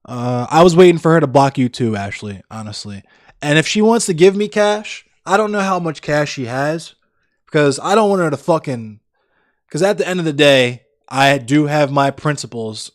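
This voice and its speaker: A man's voice: a little high, lively intonation, normal speed, no echo, clean studio sound. A young man livestreaming, chatting casually with viewers in a blunt, profane, ranting way. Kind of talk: casual chat with live viewers.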